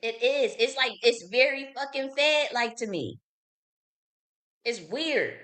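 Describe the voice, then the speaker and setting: A woman's voice: on the high side, takes it slowly, fairly bright tone. A woman, hosting her own channel, ranting casually, profane, repetitive and indignant. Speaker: channel host. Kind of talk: heated casual rant.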